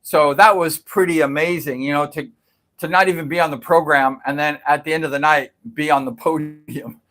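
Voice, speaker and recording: A man's voice: a little high, steady tone, normal speed, a bit bright. A middle-aged man casually telling a long story on his livestream, rambling and repeating himself with many fillers.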